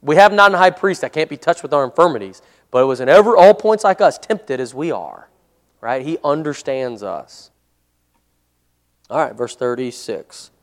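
A man leading a casual Bible study as a pastor, conversational and given to chuckles and "Amen?" checks, slowing into a measured tone when reading scripture aloud. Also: fairly high pitch, expressive, big-room sound. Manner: conversational, chuckles often, asks "Amen?" and "right?".

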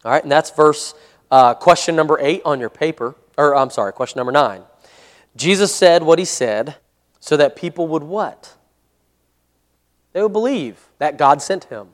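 A man leading a casual Bible study as a pastor, conversational and given to chuckles and "Amen?" checks, slowing into a measured tone when reading scripture aloud. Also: on the high side, big-room sound. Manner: conversational, chuckles often, asks "Amen?" and "right?".

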